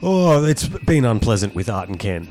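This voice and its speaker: A man's voice: on the low side, sing-song, normal speed, darkish tone, soft background music. A man co-hosting a podcast, talking in a casual, rambling way. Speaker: podcast co-host. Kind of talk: casual chat.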